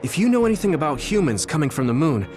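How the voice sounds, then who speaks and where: A man's voice: a little high, sing-song, fast talker. A man voicing an earnest young male hero in a video game, speaking sincerely and steadily. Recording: game audio with music behind.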